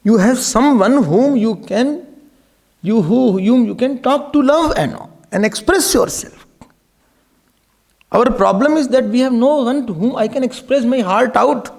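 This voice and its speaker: An Indian man giving a devotional talk as a swami, animated and laughing often, mixing in Hindi words. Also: very high-pitched, unhurried, vocal fry.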